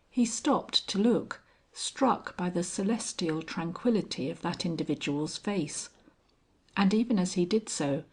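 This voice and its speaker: A woman reading a classic novel aloud, narrating in a measured, steady way. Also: on the low side, slightly rough. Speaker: audiobook reader. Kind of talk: scripted narration.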